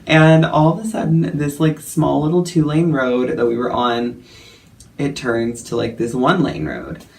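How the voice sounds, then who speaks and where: A man's voice: medium pitch, unhurried, vocal fry, a little hiss or hum. A young man telling a story in a casual vlog, chatty and self-mocking, full of fillers and laughs. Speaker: vlogger.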